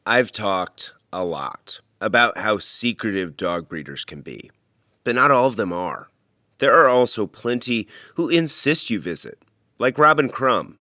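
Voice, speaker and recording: Low-voiced man narrating an investigation. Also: sing-song, sharp tone, dry recording. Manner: measured, earnest storytelling. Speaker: podcast host and reporter.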